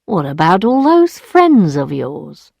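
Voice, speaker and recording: Woman reading as cold scornful moneylender man, slow deliberate words, dry sound, storybook reading. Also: lowish voice, sing-song, vocal fry, darkish tone, slightly rough, no room sound, highs cut off, heavily acted. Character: cold, mocking male moneylender.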